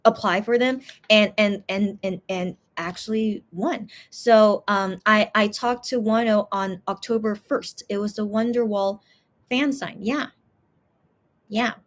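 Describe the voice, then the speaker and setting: A woman's voice: mid-range voice, fairly even intonation, a little slow. Chatty woman reading fan comments on a stream. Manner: chatty, rambling, reads comments aloud. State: tired. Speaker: livestream host reading fan chat. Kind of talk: casual chat.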